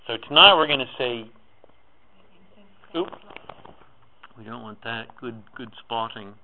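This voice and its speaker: A man's voice: medium pitch, fairly quick. A man leading a live group in a guided spiritual talk, speaking in repetitive, incantatory phrases that swell with emphasis. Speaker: spiritual workshop leader. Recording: tinny phone-like recording.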